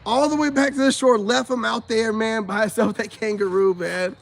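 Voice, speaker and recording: An American spiritual self-help vlogger gives his viewers rambling, casual commentary, laughing often and using loose slang. His voice is high-pitched and creaky, with a steady tone and moderate pace.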